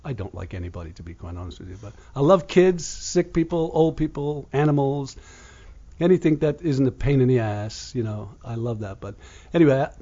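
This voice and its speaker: A husky-voiced older man from England rambles bluntly through his radio show, swearing freely and with no polish. The recording sounds dull and lo-fi, like old radio. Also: medium pitch, a little fast, mellow. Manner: profane, gruff and blunt.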